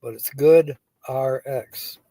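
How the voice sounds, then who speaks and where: A man's voice: medium pitch, slow pace, creaky, dark tone, no room sound. A man hosting a casual live stream who reads viewer comments aloud, plays with silly wordplay and keeps breaking into laughter. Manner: giggly, breaks into laughter often; playful and goofy, tickled by wordplay.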